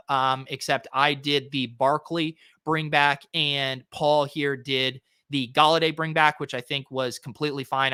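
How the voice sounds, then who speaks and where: A man's voice: a little high, pushed and bright, smooth, no room sound, clean studio sound. A man hosting a fantasy sports show, reviewing lineups in a casual, chatty way with lots of fillers. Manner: chatty, filler-heavy, quick asides. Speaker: fantasy sports podcast host.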